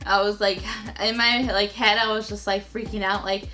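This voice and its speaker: Speaking at a normal pace in a mid-range, pushed and bright voice with little pitch movement, a young woman vlogger tells a personal story to the camera. She is casual and chatty, filling her speech heavily with "like."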